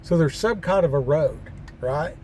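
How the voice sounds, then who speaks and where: A trucker vlogging from his parked cab on a mountain pass rambles through folksy stories in a country drawl, with plenty of fillers and restarts. His slightly high, slightly mellow voice is animated yet a little slow, and there's some faint background noise.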